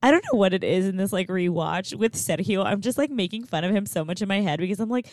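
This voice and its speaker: A woman's voice: medium pitch, lively intonation, fairly quick, a little mellow, dry recording, studio quality. A woman in casual podcast chat recapping a TV show, speaking emphatically and slipping into quoted lines. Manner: emphatic, quotes characters, swears. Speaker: podcast co-host.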